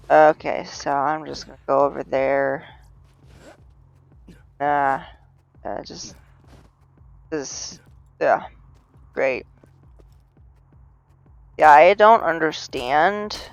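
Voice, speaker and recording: A woman streamer chats her way through a game in a slow, meandering, self-mocking ramble. Her voice is smooth and clean, and it turns into panicked yelling when things go wrong. The sound is dry and close, with no room around it. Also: sits low, dry recording, rough recording. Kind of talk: live gameplay commentary.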